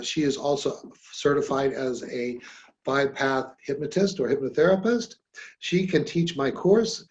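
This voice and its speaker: This man hosts a podcast on hypnosis and also trains hypnotists. His mid-range voice comes with a slight hiss or hum as he chats casually in a friendly, meandering way full of fillers.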